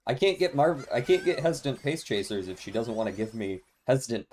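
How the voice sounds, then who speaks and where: A man with a slightly high, darkish voice streams a game at an unhurried pace. He's laid-back and chats casually with his viewers, laughing often and musing aloud.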